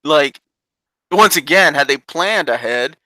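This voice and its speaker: A man from Kentucky talks in an animated, swinging voice that sits a little high. His tone is bright and forward, and he swears freely while acting out quotes. The sound is dry and close. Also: slow, no room sound. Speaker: podcast co-host. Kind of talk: casual chat reviewing a TV episode.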